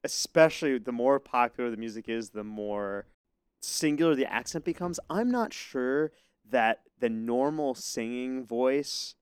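American male podcast co-host, smooth and resonant, dry close sound, measured delivery. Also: medium pitch, animated, dry recording. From United States. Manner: thoughtful, measured, hedging with "like" and "um". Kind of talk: casual music discussion.

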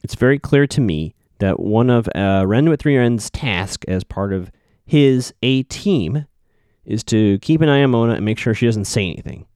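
Low-voiced man musing through a recap. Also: animated, moderate pace, a little mellow, dry recording, studio quality. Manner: thinking aloud, self-correcting, musing. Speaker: TV episode recapper. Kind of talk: casual spoken recap.

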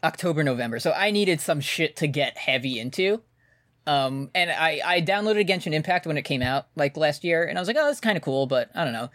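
A man's voice: on the high side, lively intonation, a little fast, fairly bright tone, no room sound, studio quality. A man co-hosting a podcast, chatting casually and rambling with frequent swearing. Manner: rambling, laid-back, swears often. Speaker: podcast co-host. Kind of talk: casual chat.

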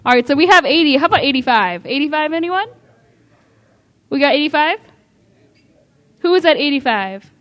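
A woman calling bids at a live charity auction, repeating amounts and coaxing the room for higher offers. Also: lively intonation, normal speed, pauses often, a bit bright.

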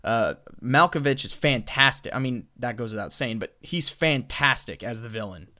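In a mid-range voice with a sharp tone and moderate pace, a man from the American South shares his movie views as a podcast co-host. His talk is casual and meandering, with many restarts.

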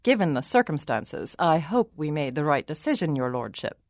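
A woman's voice: deep voice, very animated, moderate pace, no echo, clean studio sound. A woman voicing a palace servant who reports to the king in a polite, formal, matter-of-fact way. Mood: deferential.

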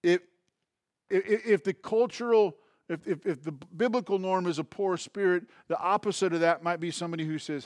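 A man's voice: high-pitched, moderate pace, a little mellow, no echo. A male pastor preaching a conversational sermon, often restarting phrases and checking in with the congregation.

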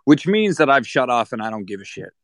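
A man at an ordinary pitch recounts a run-in at his piercing studio in a blunt, swearing, animated way. The sound is dry and close, with no room around it. He talks like he is chatting across a table. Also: fast, no echo. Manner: blunt, profane, animated anecdote-telling. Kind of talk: casual storytelling.

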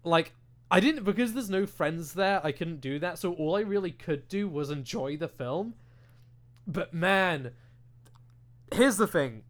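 Speaking into a desk microphone, a young British man rants through a loose, casual chat, full of swearing and filler words. His voice is high for a man, his delivery animated and a little slow.

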